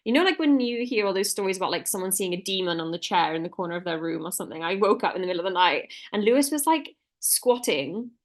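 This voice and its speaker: Quick chatty woman cohost, rambles through a story, lots of likes and ums. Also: medium pitch, lively intonation. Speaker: podcast co-host. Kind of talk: casual chat.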